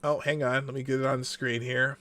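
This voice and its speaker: Guy hosting a live stream, sarcastic and rambly, bright voice, dry close mic. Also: mid-range voice, flat delivery, fairly quick, dry recording. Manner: sarcastic, rambling, laughs and reads articles aloud. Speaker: live show host. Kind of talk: casual live-stream commentary.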